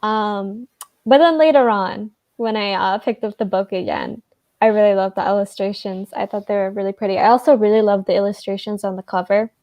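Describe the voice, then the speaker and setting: A woman's voice: medium pitch, fairly even intonation, brisk, lo-fi sound. An American woman talking in a casual online book club, enthusiastic and using frequent um fillers. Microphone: video call.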